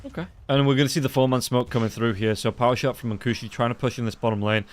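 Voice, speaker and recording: A man doing play-by-play esports commentary, quick and lifting into excited calls during fights. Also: mid-range voice. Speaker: esports caster.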